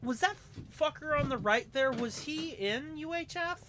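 Bright-voiced joking commentary host. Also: male voice, very high-pitched, expressive, normal speed, a little hiss or hum. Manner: crude, joking, playful banter. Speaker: podcast co-host. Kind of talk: casual movie commentary.

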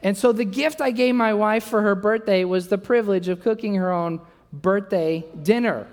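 A young adult man preaching a sermon, telling a self-mocking story and acting out the dialogue with lively energy. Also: high-pitched, moderate pace. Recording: long reverb of a large hall.

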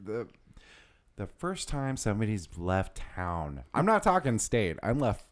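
A man's voice: on the low side, big pitch swings, a little slow. A man in casual chat who jokes, swears and laughs often. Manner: joking, profane, laughs often.

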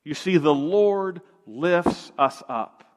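A man preaching slowly and deliberately in a fairly high voice, leaning on single words and leaving long dramatic pauses. He drops to a near hush, then swells back up. His voice rings with the long reverb of a large church hall. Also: lively intonation. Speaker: pastor. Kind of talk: sermon.

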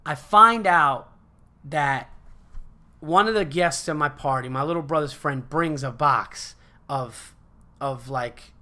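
A man's voice: on the high side, slow. A man hosting a podcast, telling a story in a casual, rambling, profane way. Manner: animated, profane, rambling with fillers. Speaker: podcast host.

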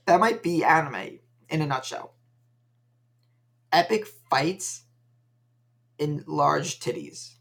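A man's voice: a little high, animated, slow, creaky, pauses often, fairly bright tone. A young man co-hosting a casual podcast, dry and rambling as he recaps episodes. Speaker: podcast co-host. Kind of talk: casual chat.

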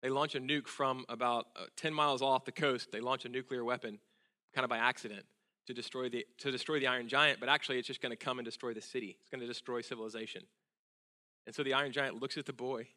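Earnest preacher man, bright voice. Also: mid-range voice, fairly even intonation, fast. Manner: earnest, emotional storytelling, drops to hushed intensity. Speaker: pastor. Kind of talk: sermon. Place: church sanctuary.

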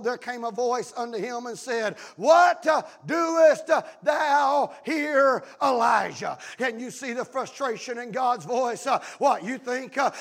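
A man pastor preaching a sermon, filling pauses with "uh" and swinging from shouting to near whispers. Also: extremely high pitch, gravelly. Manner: shouting preacher with many "uh" fillers, swings from yelling to hushed.

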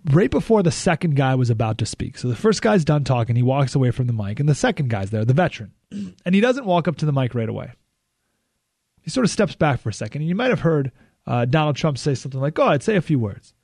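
An American man hosting a talk radio show, delivering a lively monologue with sudden loud and hushed emphasis. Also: medium pitch, fast, vocal fry, no echo, clean studio sound. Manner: animated, swings between loud and hushed emphasis.

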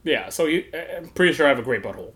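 In a loose, casual chat, a young man tells a story at a very fast clip. His voice sits at a medium, ordinary middle pitch, and he's animated and profane, laughing often and acting out the people he quotes.

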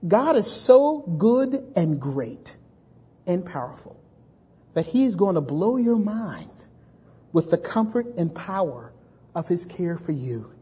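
A male pastor preaching a sermon in an animated way, often restarting words and acting out voices in his stories. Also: sits high, slow pace, husky, lo-fi sound.

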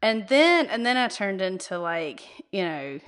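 A woman hosting a podcast, telling animated stories with frequent laughs and stammering restarts. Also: medium pitch, measured pace. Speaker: podcast host. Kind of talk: casual chat, telling stories.

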